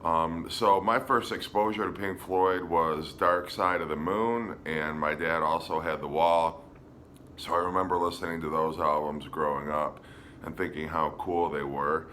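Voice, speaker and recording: A man casually showing his record collection on a vlog, relaxed and hesitant, with frequent ums. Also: sits low, measured pace, a little hiss or hum. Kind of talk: casual show-and-tell vlog.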